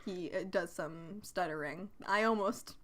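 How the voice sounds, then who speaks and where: A woman's voice: lowish voice, a little slow. A young woman co-hosting a podcast, making sarcastic jokes and giggling through a cartoon recap. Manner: jokey, giggly, sarcastic asides. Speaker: podcast co-host. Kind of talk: casual recap chat.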